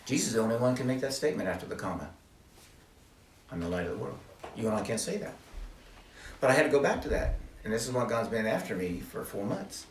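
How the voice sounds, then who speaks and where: A man's voice: medium pitch, quick pace, reverberant, recorded from a distance, a little hiss or hum. An older man giving a testimony talk to a small group, earnest and preacherly, repeating his key phrases. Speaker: ministry speaker.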